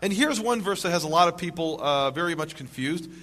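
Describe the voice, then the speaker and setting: A man's voice: fairly high pitch, animated, brisk, fairly bright tone. A man giving a lecture to a live audience, emphatic, asking rhetorical questions and making wry jokes.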